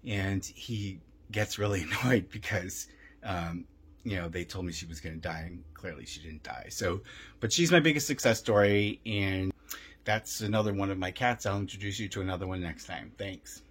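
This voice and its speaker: A man's voice: deep voice, normal speed, fairly bright tone, slightly rough. A man talking casually at home on his vlog about his rescue cats, chatty and repeating himself. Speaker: vlogger and cat rescuer.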